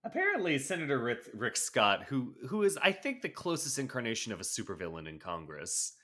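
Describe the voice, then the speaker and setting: A man's voice: mid-range voice, wildly swooping pitch, fairly quick, bright, forceful tone. A man co-hosting a podcast, reading news items aloud with sarcastic, wry asides in a casual chat. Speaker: podcast co-host.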